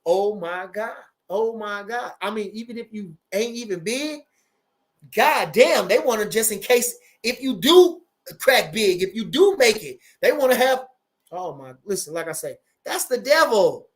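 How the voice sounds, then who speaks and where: A man in his forties with a fairly high voice, chatting loosely on a livestream and answering viewer comments. He speaks, swears freely, and doubles back on his words with lots of animation. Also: unhurried. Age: 40s. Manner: animated, profane, repeats phrases. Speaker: boxing trainer and livestream host. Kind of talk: casual livestream chat reading viewer comments.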